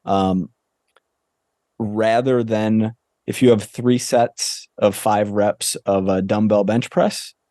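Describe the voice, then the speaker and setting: Mellow low-voiced man explaining dryly. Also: fairly even intonation, slow pace, no room sound, studio quality. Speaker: podcast co-host. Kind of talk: casual explaining.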